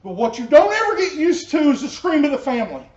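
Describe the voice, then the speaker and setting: A man giving a personal testimony as a pastor, telling his story earnestly and dropping soft and low in tender moments. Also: big pitch swings, fast talker. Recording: echoey, dull room sound.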